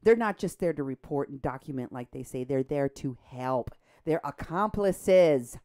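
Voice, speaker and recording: Indignant woman. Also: normal speed. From Mexico. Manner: animated, indignant, rising sharply in pitch when outraged. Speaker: co-host. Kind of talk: political talk show commentary.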